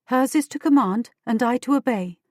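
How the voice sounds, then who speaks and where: A woman reading an audiobook voices a harried royal lady-in-waiting who speaks in a hurried, guarded way. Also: a little high, darkish tone, dry recording, studio quality, pitched above the performer's own voice, lightly acted. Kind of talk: audiobook character voice.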